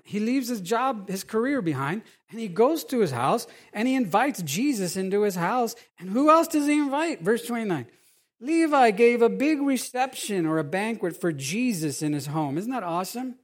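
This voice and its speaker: A middle-aged pastor delivers a sermon in an animated, conversational style, putting questions to his audience. His voice is high-pitched.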